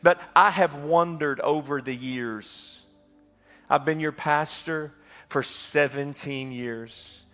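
A man's voice: on the high side, takes it slowly, a bit bright, faint music behind. A middle-aged man, a pastor preaching a passionate call-and-response sermon in a church. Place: church sanctuary.

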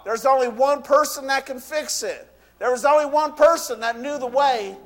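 High-voiced fervent man preaching. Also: moderate pace. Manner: fervent, repeats "you know what" and "I tell you". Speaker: pastor. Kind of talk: sermon. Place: church. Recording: long reverb of a church hall.

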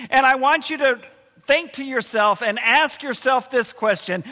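High-voiced bright male preacher in a big hall. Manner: emphatic preaching, slowing to stress key words, voice dropping low and quiet at times. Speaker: pastor. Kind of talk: sermon. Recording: long hall reverb.

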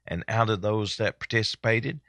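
Chatty man with a bright, dry voice. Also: lowish voice, normal speed, no echo. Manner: relaxed, chatty, with many fillers. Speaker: host. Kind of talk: casual daily broadcast talk.

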